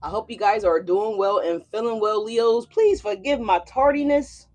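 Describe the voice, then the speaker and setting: A woman's voice: mid-range voice, normal speed, darkish tone. Chatty woman reading tarot for her viewers, loose and swears a bit, says y'all a lot. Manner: loose and profane. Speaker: tarot reader. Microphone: desk mic.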